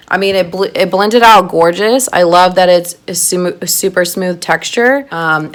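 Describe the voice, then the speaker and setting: A woman giving a chatty makeup tutorial, gushing and excitable as she talks to her viewers. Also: on the low side, creaky. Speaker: makeup artist doing a tutorial.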